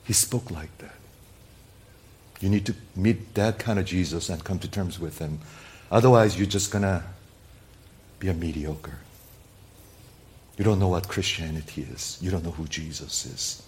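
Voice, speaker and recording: A male pastor preaching a sermon, stacking up rhetorical questions and speaking straight to his listeners, rising to loud emphatic peaks and then dropping to quiet, low endings. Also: moderate pace, long pauses, slight background noise. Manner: addresses listeners directly as "people".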